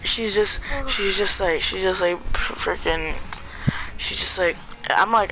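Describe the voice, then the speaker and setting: A man vlogger telling a storytime story in a rambling, excitable way, using "freaking" a lot, with music playing behind him. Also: sits high, measured pace, background noise. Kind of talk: storytime vlog. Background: background music.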